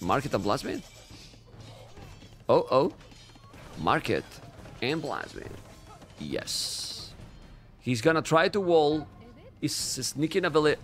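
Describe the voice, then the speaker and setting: A man with a Spanish accent giving live commentary on a strategy game, chatty and animated, often talking straight to his chat. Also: mid-range voice. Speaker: game caster.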